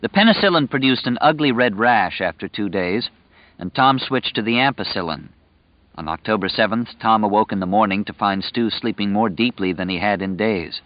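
A man with a fairly low voice narrates an audiobook, reading the scripted text in a measured storytelling style. The recording is dry, dull and lo-fi.

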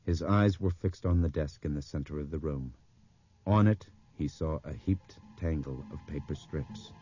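A man narrating an audiobook in a measured, even storytelling manner. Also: a bass voice, highs cut off, soft background music.

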